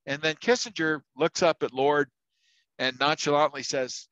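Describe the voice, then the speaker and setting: A man's voice: fairly high pitch, expressive, normal speed, fairly bright tone, no room sound, highs cut off. A man teaching a university class, telling anecdotes in a casual, chatty way with many fillers and restarts. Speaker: university instructor. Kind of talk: casual lecture storytelling.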